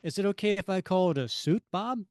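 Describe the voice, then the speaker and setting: A man co-hosts a casual podcast chat about comics. He talks playfully and acts out scenes, with a slightly high voice that moves around a lot. The sound is dry and close. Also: lively intonation, fairly quick, a little mellow, no room sound. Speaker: podcast co-host.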